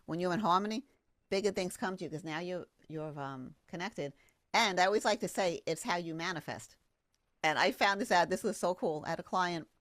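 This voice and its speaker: A woman, a sound therapist guesting on a podcast, telling a story in an enthusiastic, expressive, rambling way. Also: lowish voice, brisk, dry recording. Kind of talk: animated storytelling.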